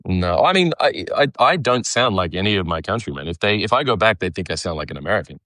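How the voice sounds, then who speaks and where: A man's voice: low-pitched, big pitch swings, quick pace, pushed and bright, dry recording, clean studio sound. An Australian man, a cartoonist, chatting casually on a live video, rambling with fillers and restarts and laughing often. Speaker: cartoonist guest.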